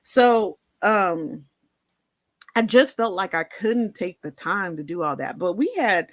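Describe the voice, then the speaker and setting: A woman's voice: on the low side, animated, takes it slowly, no echo. A woman telling a personal story in a candid, conversational way, with many fillers and asides. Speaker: vlogger.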